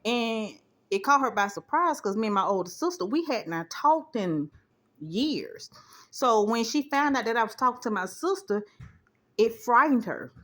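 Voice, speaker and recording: Indignant woman telling a story, higher voice. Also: normal speed. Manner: indignant, animated retelling with quoted dialogue. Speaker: vlogger. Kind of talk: casual storytelling to camera. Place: home, doing laundry.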